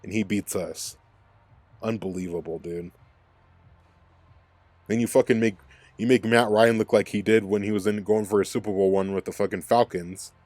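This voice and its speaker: A man's voice: on the low side, steady tone, normal speed, pauses often, darkish tone, no room sound. A man hosting a fan recap podcast, ranting in an angry, profane, rambling way. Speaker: podcast host.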